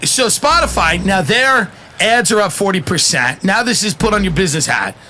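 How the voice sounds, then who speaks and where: A man hosting a casual podcast chat, animated, joking and profane, firing off questions. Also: high voice, moderate pace, a little hiss or hum. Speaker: podcast host.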